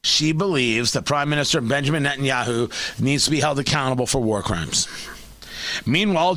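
A man's voice: medium pitch, lively intonation, normal speed, bright, forceful tone. A man hosting a talk radio show, delivering an emphatic, combative opinion monologue and often restarting words.

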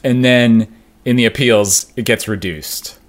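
A man's voice: mid-range voice, fairly even intonation, a little slow. A man co-hosting a podcast in casual chat, rambling and laughing as he talks. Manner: rambling, laughs often, trails off. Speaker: podcast co-host.

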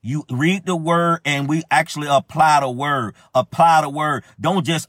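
A man's voice: mid-range voice, normal speed, fairly bright tone, no echo, studio quality. A man preaching a sermon, urging listeners with impassioned, repetitive exhortation.

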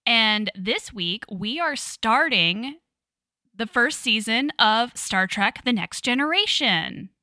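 Woman, podcast co-host, sarcastic, bright crisp tone, dry sound. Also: on the high side, animated, takes it slowly, no room sound. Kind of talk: casual chat. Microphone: podcast microphone.

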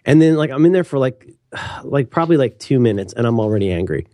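Male podcast co-host, warm mellow tone, quick rambling banter, dead-dry studio sound. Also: medium pitch, no echo. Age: adult with a daughter. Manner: rambling, animated, teasing. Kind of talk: casual chat.

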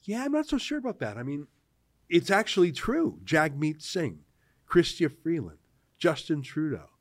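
A man from Canada hosting political commentary, talking in an animated, sarcastic way. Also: on the high side, moderate pace, no echo, studio quality. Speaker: host.

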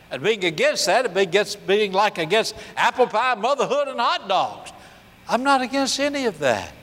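An older man preaches in a storytelling way, acting out the voices in his story. His voice sits a little high, and he draws out his main points slowly. The sound carries a long reverb. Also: fairly bright tone. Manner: storytelling preacher, acts out dialogue, slows for emphasis. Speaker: pastor. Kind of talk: sermon.

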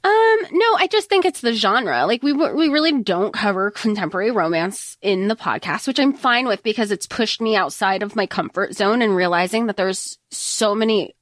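A woman's voice: medium pitch, expressive, normal speed, hardly any pauses, no room sound. A woman co-hosts a podcast in easy casual chat. She rambles through asides and restarts in a conversational way. The recording is dry with no room sound. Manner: chatty, rambling with many asides. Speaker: podcast co-host.

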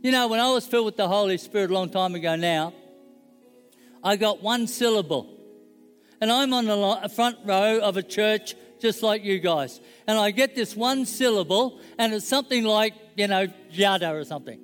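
A man's voice: high-pitched, normal speed, a bit bright, clean tone, long reverb tail, soft background music. A middle-aged man preaching a sermon in a conversational, joking way and checking in with his audience. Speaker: pastor.

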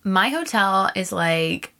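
A young woman, a podcast host, telling a story in a candid, animated way and swearing freely. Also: mid-range voice, slow pace, creaky. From Canada. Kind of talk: casual storytelling monologue.

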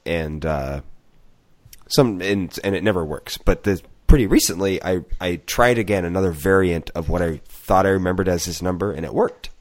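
A man's voice: sits low, normal speed, no room sound. A man co-hosting a podcast, chatting casually and stammering his way into anecdotes. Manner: relaxed storytelling, stammers into anecdotes. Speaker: podcast co-host. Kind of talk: casual chat.

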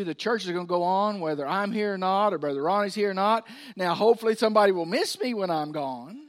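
A male pastor preaching a sermon, swinging between loud emphasis and hushed asides. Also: sits high, fast, hardly any pauses.

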